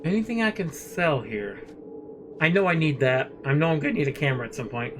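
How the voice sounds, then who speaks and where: A man's voice: a little high, animated, brisk. A man streaming a horror game, muttering commentary to himself, swearing often and breaking into sudden outbursts. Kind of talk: casual gameplay commentary. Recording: game music under the voice. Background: game music.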